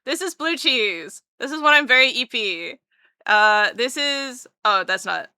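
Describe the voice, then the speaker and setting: A young woman chats casually with her live viewers, bubbly and quick to get excited, tossing in self-mocking jokes. Her voice sits fairly high and sounds bright and forceful. The sound is dry, with no room around it. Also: smooth, no room sound. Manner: bubbly and excitable, voice leaps up when greeting viewers; jokey, self-mocking asides. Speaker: livestreamer.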